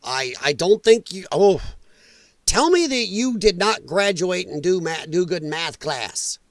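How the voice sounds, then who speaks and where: A man with a high voice hosts a reaction commentary show, ranting angrily and repeating his points for emphasis. The sound is dry with no room around it. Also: sing-song, measured pace, no echo. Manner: emphatic, repetitive, angry ranting.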